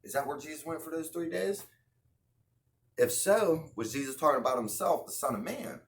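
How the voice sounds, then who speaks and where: A man's voice: a little high, lively intonation, moderate pace, fairly bright tone. A man in casual religious commentary, talking earnestly and slangily, with rhetorical questions and restarts. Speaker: online video host.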